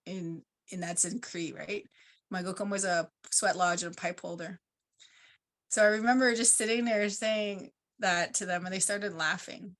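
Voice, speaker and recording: A woman's voice: medium pitch, steady tone, a little slow, fairly bright tone. Woman telling a personal story, rambling. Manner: casual and rambling, uses 'like' a lot. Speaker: conference panelist.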